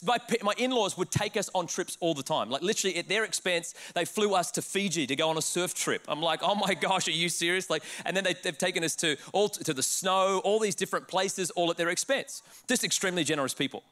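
A man with an Australian accent preaches in a high, bright voice. He tells a comic, self-mocking story with lots of energy and quick asides. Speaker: pastor.

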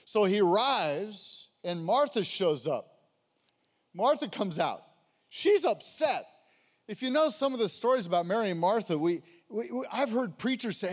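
A man's voice: high-pitched, lively intonation, moderate pace. A man, a pastor, preaching a conversational sermon and calling out to his congregation. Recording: long hall reverb.

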